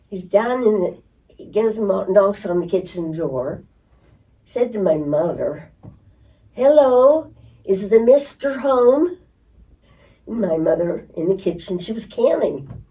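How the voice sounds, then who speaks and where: Older woman, low and warm, lively and laughing as she recalls, recorded from a distance. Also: unhurried. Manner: lively storyteller who laughs and acts out voices. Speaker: interviewee. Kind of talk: reminiscing storytelling. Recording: distant mic.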